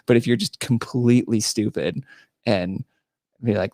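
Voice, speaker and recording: A man's voice: medium pitch, measured pace, dark tone, no room sound, clean studio sound. A man hosting a podcast in casual chat, telling crude, mocking stories and laughing often. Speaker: podcast host.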